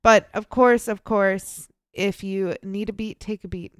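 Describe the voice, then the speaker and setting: A woman's voice: mid-range voice, steady tone, unhurried, clear, resonant tone, no echo. A woman co-hosting a true crime podcast, talking in a casual, upbeat, chatty way with lots of fillers. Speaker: podcast co-host presenting the case.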